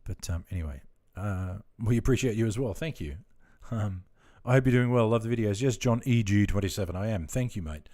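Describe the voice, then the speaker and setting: A relaxed Australian man talks loosely to his live chat while he plays. His voice sits fairly low, and he rambles from one thought to the next with plenty of fillers. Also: brisk, hardly any pauses. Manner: rambling, laid-back, chatting with viewers. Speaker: game streamer. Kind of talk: casual live-stream chat.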